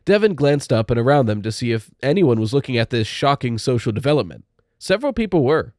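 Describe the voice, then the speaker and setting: A man narrating a spooky young-adult audiobook in a steady, measured way. His pitch sits in an ordinary middle range. The recording is dry and close, with no room sound. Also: no echo.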